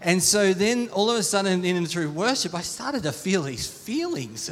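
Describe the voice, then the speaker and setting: A middle-aged man with a slightly high voice gives a heartfelt testimony from the pulpit. He stumbles and restarts often, repeating words as he searches for them. His voice rings with the long reverb of a church hall. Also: very animated, a little hiss or hum. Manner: earnest, halting, with frequent restarts and repeated words. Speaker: preacher. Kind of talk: sermon, personal testimony.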